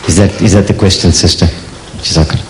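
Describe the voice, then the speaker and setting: A man's voice: low-pitched, fairly even intonation, fast talker, darkish tone, reverberant, a little hiss or hum, low-quality recording. A man fielding a question from the audience at a lecture, brief and polite.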